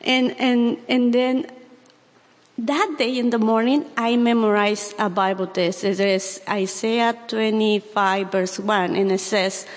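Slow, earnest woman in a reverberant hall. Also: mid-range voice, steady tone. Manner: earnest, halting, with many pauses and restarts. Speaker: church member giving testimony. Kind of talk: personal testimony.

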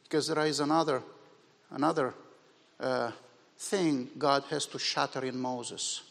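A man whose first language is not English, preaching a sermon in a church hall, moving from quiet musing to loud, emphatic bursts. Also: medium pitch, steady tone, unhurried, creaky. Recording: long hall reverb.

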